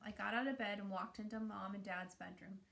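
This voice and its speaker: A woman's voice: mid-range voice, steady tone, a little fast, creaky, a bit bright. A woman reading a novel aloud in a plain, earnest way, now and then stumbling and correcting herself. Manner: plain, earnest reading with small slips and restarts. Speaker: reader.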